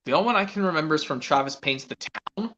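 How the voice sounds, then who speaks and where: A man chatting casually on a stream as a guest, speaking quickly with hesitant restarts. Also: a little high, expressive, pushed and bright, slight background noise. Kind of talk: casual chat. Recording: lo-fi online voice chat.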